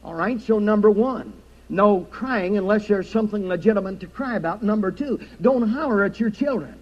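A man's voice: high voice, normal speed, highs cut off. A man preaching a sermon in a church, reciting scripture with an emphatic preaching cadence. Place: church sanctuary.

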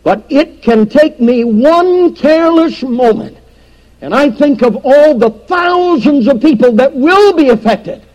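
A middle-aged man preaching with a strikingly high-pitched voice. He presses his points with emphasis, then drops low and quiet when he quotes scripture. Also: low-quality recording. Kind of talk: sermon.

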